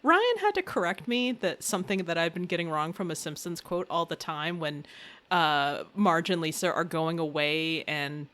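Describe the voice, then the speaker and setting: Lower-voiced woman, chatty podcast guest. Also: animated, normal speed, a bit bright. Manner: chatty, lots of fillers, laughs a lot. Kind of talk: casual chat.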